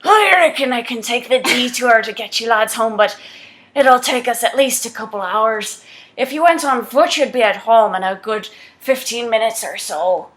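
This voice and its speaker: A woman's voice: fairly high pitch, moderate pace, fairly bright tone, natural voice. A woman voicing a cheerful working-class male coach driver with folksy, drawling speech. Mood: reassuring.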